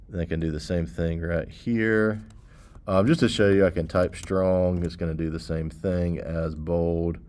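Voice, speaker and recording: A man's voice: sits low, a little mellow. A man teaching web design, casually walking through code steps and checking in with "okay" and "all right" as he goes. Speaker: computer science teacher. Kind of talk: screen-recorded coding tutorial.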